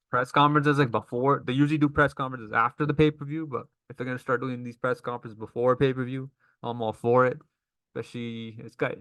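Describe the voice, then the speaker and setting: A man's voice: medium pitch, a bit bright, clear, resonant tone, no echo, clean studio sound. A man giving a casual, enthusiastic recap of a wrestling show, laughing often.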